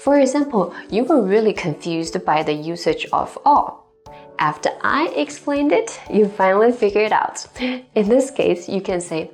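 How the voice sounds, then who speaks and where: A woman teaching a scripted language lesson, speaking clearly and deliberately and slowing down to model example phrases. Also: medium pitch, expressive, faint music behind.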